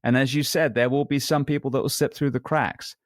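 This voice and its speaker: A man of middle pitch makes his case bluntly and emphatically. The sound is dry and close, with no room in it. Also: steady tone, brisk, no room sound. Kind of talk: conversational interview talk.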